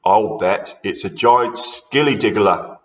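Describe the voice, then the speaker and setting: A man voicing a mean, scheming old husband from a children's story, loud and teasing. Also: lowish voice, takes it slowly, distant mic. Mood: mocking.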